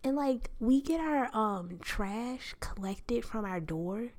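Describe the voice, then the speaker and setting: A young adult woman hosting a solo podcast, speaking in a casual, animated rant, laughing often. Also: fairly high pitch, slow pace. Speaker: podcast host.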